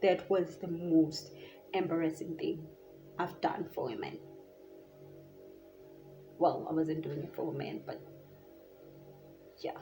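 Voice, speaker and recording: A young South African woman with a South African accent, telling a story to camera in a casual, animated, chatty way. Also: sits low, takes it slowly, pauses often, soft background music. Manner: animated, chatty, lots of filler "like". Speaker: vlogger.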